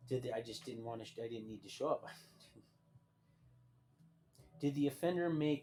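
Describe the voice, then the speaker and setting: A man's voice: medium pitch, unhurried, long pauses, a little mellow. A man telling his own life story on a livestream in a casual, rambling way, often restarting sentences and reading a document aloud.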